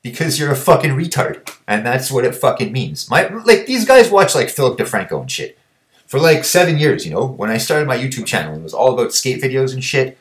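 A man's voice: mid-range voice, sing-song, brisk. A young man vlogging, ranting bluntly and combatively, swearing constantly. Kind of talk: profane ranting monologue.

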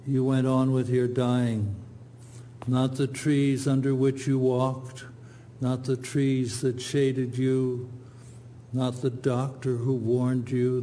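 A man giving a poetry reading, reciting in a slow, measured, even way. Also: mid-range voice, slight background noise. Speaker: poet.

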